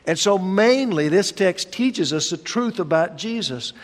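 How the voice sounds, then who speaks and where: A man preaching a sermon as pastor, slow and deliberate, leaning on emphatic pauses. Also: high-pitched, lively intonation. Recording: long hall reverb.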